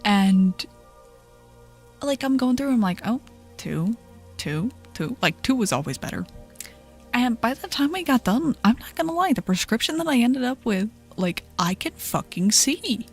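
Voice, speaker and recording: Animated, cursing woman telling a story. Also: a little high, moderate pace, slightly rough, soft background music. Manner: animated, profane, laughing storyteller. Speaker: streamer. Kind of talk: casual storytelling chat.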